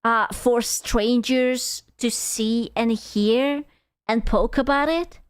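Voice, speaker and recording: A woman streamer giving casual, animated reaction commentary, gasping and laughing as she talks. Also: on the high side, slow, smooth, dry recording. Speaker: VTuber streamer reacting to videos.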